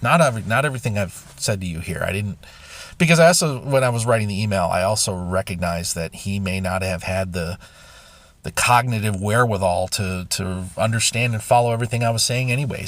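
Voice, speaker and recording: A middle-aged man hosting a podcast, telling a painful personal story in a halting, emotional way with many restarts and sighs. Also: on the low side, gravelly, a bit bright. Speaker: podcast host. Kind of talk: personal confessional monologue.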